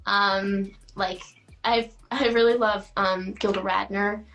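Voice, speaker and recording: A woman's voice: medium pitch, steady tone, slow, a bit bright, soft background music, low-quality recording. A teenage girl, a guest actress, answering interview questions chattily with lots of fillers and giggles.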